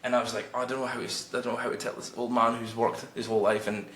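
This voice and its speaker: Late-20s male guest, blunt and profane, lively storytelling, bright tone in an echoey room. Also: medium pitch, rapid-fire. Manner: blunt, swears freely, animated storytelling. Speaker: guest, freelance copywriter. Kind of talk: casual storytelling in conversation. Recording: roomy echo.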